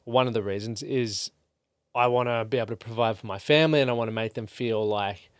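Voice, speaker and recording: A man's voice: mid-range voice, brisk, clean tone, no echo, studio quality. Earnest man in his thirties, podcast guest. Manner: earnest and open, with casual fillers like "like". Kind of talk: casual podcast conversation.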